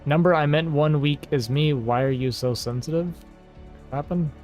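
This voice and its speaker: A man's voice: on the high side, moderate pace, a little mellow, lo-fi sound, faint music behind. A man hosting a livestream, talking casually and at length to his viewers and reading out their comments. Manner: rambling and talkative, reading chat aloud. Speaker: livestream host. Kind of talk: casual chat to a stream audience.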